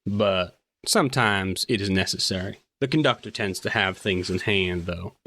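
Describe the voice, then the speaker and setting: A man playing a bored guard on a train, lower-voiced than most men, keeps his words tight and guarded. He speaks in a tabletop role-play, in an everyday voice with little put on. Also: normal speed, fairly bright tone. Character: bored armed male train guard, cagey.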